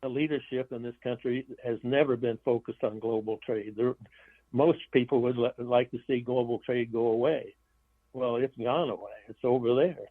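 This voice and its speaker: A man talking down a tinny, narrow phone line, dry and close with no room sound. He speaks bluntly and keeps stopping to restart his phrases, at a middling pitch. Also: steady tone, moderate pace, no room sound. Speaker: author and guest. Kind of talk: interview over the phone.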